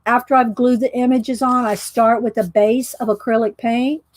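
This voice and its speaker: A woman's voice: on the high side, steady tone, moderate pace, darkish tone. A woman running a live craft demonstration, chatting with viewers and giggling often as she goes. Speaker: art journaling instructor.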